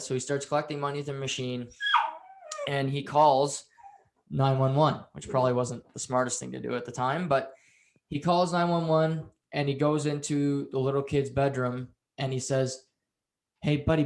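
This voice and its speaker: Guy on a podcast walking through an episode, acts out the quotes, mid pitch, kinda echoey room. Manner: animated storytelling, acts out quotes. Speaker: podcast co-host. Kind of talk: casual show recap chat. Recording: roomy echo.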